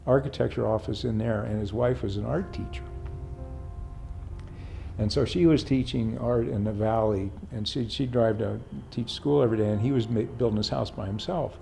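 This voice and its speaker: An older man, a painter, telling long rambling stories in a documentary interview, full of "you know" asides and quick to get emotional. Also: medium pitch, gravelly, mellow, a little hiss or hum. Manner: gets emotional.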